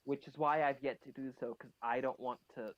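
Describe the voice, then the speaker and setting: A man's voice: medium pitch, fairly even intonation, a little fast, dry recording, highs cut off. A man playing a tabletop game, sounding dry and exasperated. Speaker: player.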